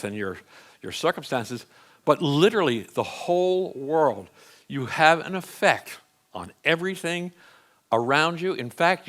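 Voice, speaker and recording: A man's voice: medium pitch, fairly bright tone. Plain-spoken middle-aged man teaching a class. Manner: conversational, plain-spoken, with frequent restarts. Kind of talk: live lesson to a church audience. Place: church hall before a live audience.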